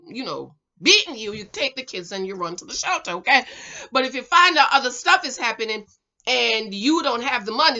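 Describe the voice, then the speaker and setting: A middle-aged woman talks to the camera in an animated, chatty way, with a rather high voice and a bright, forceful edge. She keeps calling her viewers "girl" and "ladies" and checks in with them as she talks. The sound is slightly dull and muffled. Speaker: vlogger reviewing a reality show. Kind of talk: casual chatty commentary. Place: her home.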